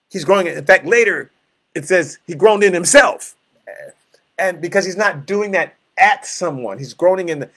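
A pastor leading a Bible study, explaining verses in plain words and acting out scenes with growls and groans. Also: male voice, a little high, fairly bright tone, breathy edge.

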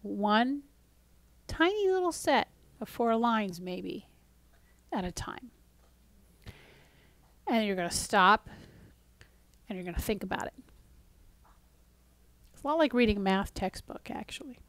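With a medium-pitched, animated voice, this spiritual teacher talks slowly and leaves long pauses in a dry recording. Her casual teaching to camera is conversational, packed with fillers and restarts, and at times hushed to a near-whisper for emphasis. She sounds mock-exasperated when voicing a frustrated reader.

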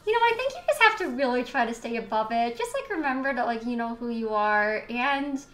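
A woman's voice: on the high side, expressive, a little fast, a bit bright. A young woman streaming live in casual chat, filler-heavy and exasperated, saying "like" constantly. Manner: exasperated, defensive. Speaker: livestreamer. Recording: roomy echo with faint music.

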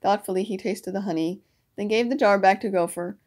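A woman narrating a children's story aloud in an even storybook manner. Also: medium pitch, brisk.

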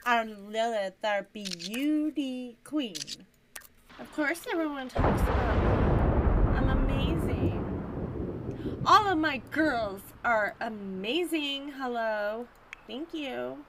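A woman's voice: high voice, expressive, takes it slowly, background noise. A woman narrating her life-sim gameplay in an effusive, doting way with lots of exclamations. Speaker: gaming vlogger. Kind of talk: game commentary. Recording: music playing behind.

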